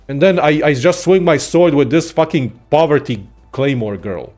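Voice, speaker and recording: A young man casually ranting about games in a profane, excitable, rambling way as a content creator. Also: mid-range voice, measured pace, few pauses, faint music behind. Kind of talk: casual gaming rant.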